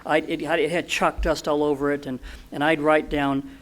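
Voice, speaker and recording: A man in his sixties, a podcast guest, telling stories in an earnest, animated way with frequent restarts. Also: on the high side, normal speed. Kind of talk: storytelling in an interview.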